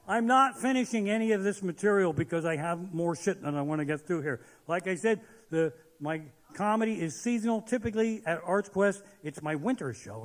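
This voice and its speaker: A man doing a crude, swearing stand-up rant on a live theater stage. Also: high voice. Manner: crude, swearing constantly, ranting. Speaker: stand-up comedian. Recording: long hall reverb.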